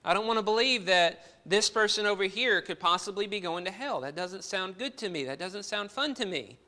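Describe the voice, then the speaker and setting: Man, preacher, sermon, high bright voice, earnest rhetorical questions. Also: animated, fairly quick.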